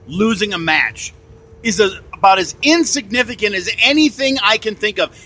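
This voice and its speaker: This podcast host's voice is high and sharp as he delivers a ranting opinion monologue into a phone mic. He sounds blunt and indignant, cursing and going over the same points again.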